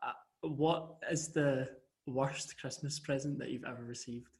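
A young man co-hosting a podcast over a video call, telling animated stories with frequent restarts. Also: medium pitch, unhurried, vocal fry. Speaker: podcast co-host. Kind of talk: casual chat.

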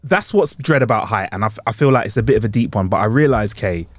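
A man's voice: lowish voice, quick pace, dry recording. A young man, co-hosting a casual podcast chat full of slang and acted-out quotes. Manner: animated, slangy, acts out quoted speech. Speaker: podcast co-host.

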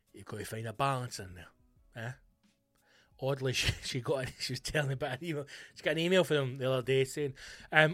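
A man hosting a podcast, delivering a comic, sweary, animated rant. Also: medium pitch, dry recording. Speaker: podcast host. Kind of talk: comic ranting monologue.

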